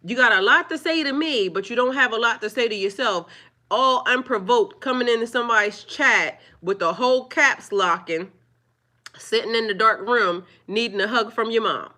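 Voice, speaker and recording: A woman talking live to her viewers, firmly scolding trolls in a preachy, drawn-out way. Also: a little high, sharp tone. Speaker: livestreamer. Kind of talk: live-stream chat with viewers.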